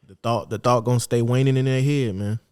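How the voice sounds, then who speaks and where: A young man co-hosting a casual podcast chat. He speaks in a relaxed, low-key way with slang, often restarting his phrases as he searches for the words. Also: brisk, slight background noise. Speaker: podcast co-host.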